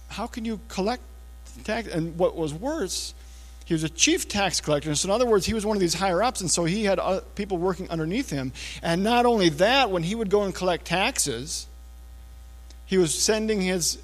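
Male pastor, slightly high voice; casual, chatty sermon delivery that sinks to a near-hush on key points; recorded with long church reverb. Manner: casual, talks to listeners with frequent checks like "okay?" and "all right?"; often drops to a low, hushed voice for emphasis. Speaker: preacher. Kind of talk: conversational sermon. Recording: long reverb of a large hall.

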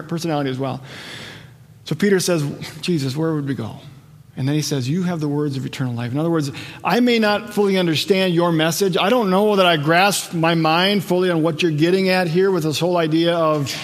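A man's voice: on the high side, fast talker, in a large hall. A man preaching a conversational, earnest sermon as a pastor, often restarting and rephrasing his thoughts.

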